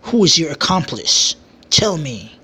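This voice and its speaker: A narrator voicing a stern king who scolds and sentences his traitor brother in a homemade fantasy story, giving slow commands. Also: mid-range voice, sing-song, bright, forceful tone, husky, exaggerated voice.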